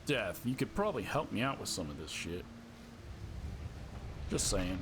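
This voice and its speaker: Low-voiced man chatting over a game. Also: sing-song, normal speed, noisy background. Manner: chatty, thinks aloud, talks to the game. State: dry throat, just woken up. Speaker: gamer streamer. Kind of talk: casual gameplay commentary.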